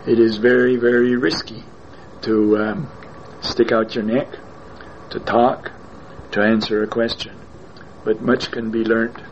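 A man preaching a sermon in a slow, deliberate way, repeating his phrases for emphasis. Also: medium pitch, level tone, lo-fi sound, a little hiss or hum.

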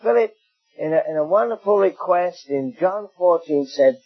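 An older man from England with an English accent, preaching a sermon in an anecdotal, gently humorous way. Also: high voice, expressive, normal speed, husky, highs cut off.

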